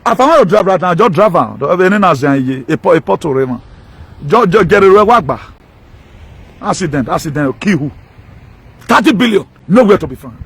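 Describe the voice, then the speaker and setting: A man's voice: high-pitched, very animated, normal speed, husky. A man with a Nigerian accent preaching an impassioned sermon, driving points home with rhetorical questions and mixing in Pidgin. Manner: emphatic, mixes Pidgin and local words, rhetorical questions. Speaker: pastor.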